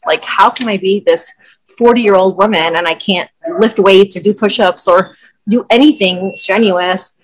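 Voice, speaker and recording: A woman's voice: mid-range voice, poor audio. Candid middle-aged woman telling her story. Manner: candid, conversational, with fillers. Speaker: guest, wellness coach. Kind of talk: personal storytelling in interview.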